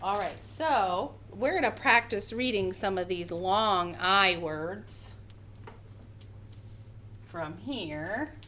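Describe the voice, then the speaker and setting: A woman teaching a first grade phonics lesson, slowly sounding out words for young children. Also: mid-range voice, pushed and bright, a little hiss or hum.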